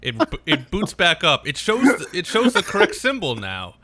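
A man's voice: high voice, huge pitch swings, normal speed, sharp tone. A man co-hosting a podcast, telling a story in casual chat with exasperated swearing. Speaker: podcast co-host.

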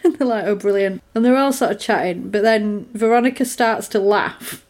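A woman talks through a film in a relaxed, chatty way. She slips into quick voices for the characters as she retells each scene, with medium pitch. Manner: retells scenes acting out lines, lively. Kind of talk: casual film recap chat.

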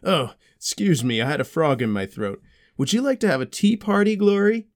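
A man's voice: fairly high pitch, very animated, fairly quick, pitched above the performer's own voice. A man voicing a friendly, goofy young male dragon in playful role-play with a child, cheery and giggly. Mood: cheerful. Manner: cheery, giggly, rambling about made-up snacks.

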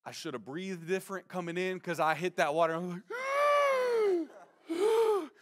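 Young pastor guy telling a wild story, high voice, super animated, yells out the quotes. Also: normal speed. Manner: animated, acts out quotes with slang and shouting. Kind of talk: sermon storytelling.

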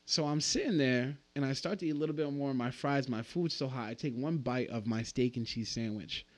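A man's voice: medium pitch, fairly quick. A man, a podcast guest, telling a wild story with lots of swearing and acted-out dialogue. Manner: profane, acts out voices in the story. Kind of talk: animated storytelling.

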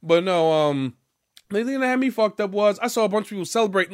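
A man's voice: high voice, expressive, fast talker. A young man ranting casually as a gaming vlogger, rambling and profane.

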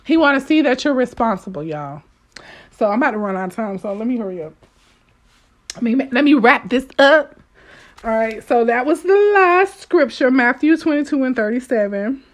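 Fervent woman preaching, voice set fairly high. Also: lively intonation, normal speed. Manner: emphatic and repetitive, addressing listeners directly; switches between fervent outbursts and quiet asides. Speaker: devotional speaker. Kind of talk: informal spoken devotional.

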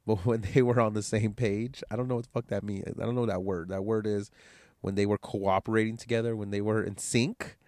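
Congested from a cold, a podcast host delivers a casual solo monologue that is rambling, profane and frank, his nose audibly blocked. He speaks a little fast in a fairly low, slightly mellow voice with fairly even intonation, and there is no room sound.

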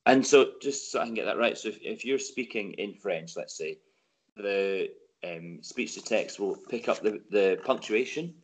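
A man's voice: fairly low pitch, moderate pace. A man hosting a casual interview, friendly and encouraging, with short affirmations. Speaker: host.

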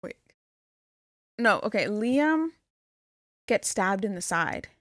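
A woman's voice: medium pitch, sing-song, slow pace, no echo, clean studio sound. Chatty young woman retelling a book plot. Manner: rambling retelling with many "like" fillers. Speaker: podcast co-host. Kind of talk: casual chat.

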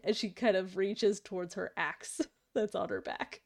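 A woman's voice: mid-range voice, steady tone, a little slow, hardly any pauses. A woman playing a tabletop role-playing game, narrating her character and often laughing. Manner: laughs often, acts out lines. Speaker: player.

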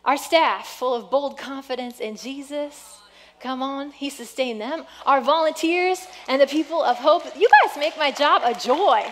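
A woman pastor preaching a sermon in a church, earnest and exhorting, often dropping to a soft hush. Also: sits high, measured pace, a little hiss or hum. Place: church sanctuary.

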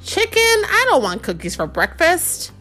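A woman's voice: very high voice, wildly swooping pitch, unhurried, pushed and bright, faint music behind, pitched above the performer's own voice, heavily acted. A woman voicing a tired, groaning father chicken in a storybook read-aloud. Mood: sleepy. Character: sleepy grumbling father chicken.

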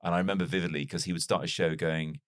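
A man with a light Liverpool accent, a broadcaster chatting as an interview guest, telling stories with quick self-deprecating asides. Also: low-pitched, fairly even intonation, no room sound, clean studio sound. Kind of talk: casual conversational storytelling.

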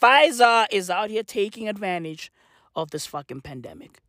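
A man's voice: high voice, animated, normal speed, fairly bright tone, no echo, clean studio sound. A man delivering a satirical rant to camera, slangy and profane, with mock-serious rhetorical questions. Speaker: comedic commentator.

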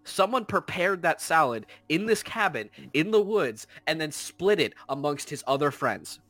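A man's voice: a little high, big pitch swings, normal speed, fairly bright tone, dry recording. Man telling a story, insistent and profane. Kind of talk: casual profane chat.

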